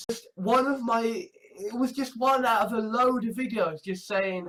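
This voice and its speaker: A man's voice: very high voice, measured pace, hardly any pauses, fairly bright tone. A young man talking in a casual monologue, rambling with heavy swearing and sudden exasperated outbursts. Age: young adult. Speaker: video essayist.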